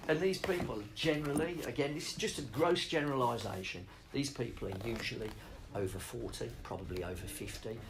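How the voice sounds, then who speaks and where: A man's voice: mid-range voice, brisk, few pauses, background noise. A middle-aged man rambling off on tangents in a casual interview, swearing freely as he talks about spoken word.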